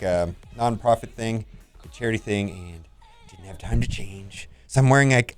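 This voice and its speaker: A man's voice: medium pitch, smooth. A man hosting a casual game video, reviewing store offers with blunt verdicts and laughs. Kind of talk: casual commentary.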